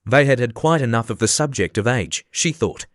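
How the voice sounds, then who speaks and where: A man reading a classic story aloud as an audiobook narrator, steady and even. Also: mid-range voice, moderate pace, no echo, studio quality. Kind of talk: scripted narration.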